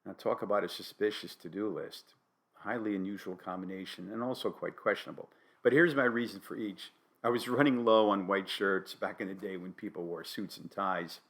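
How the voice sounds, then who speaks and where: An older man from New Haven, Connecticut, with a New England accent, hosting a solo podcast with dry, wry, deadpan humor. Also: sits low, brisk. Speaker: podcast host.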